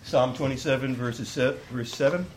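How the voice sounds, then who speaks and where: A man's voice: medium pitch, normal speed, background noise. A man preaching a sermon to a congregation, reading scripture aloud and explaining it with earnest restarts. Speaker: pastor.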